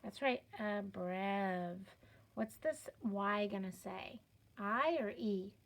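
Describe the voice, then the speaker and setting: A woman's voice: mid-range voice, slow pace, gravelly. A woman teaching a children's phonics lesson, sounding out letters patiently and encouraging the learners. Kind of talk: slow step-by-step reading lesson.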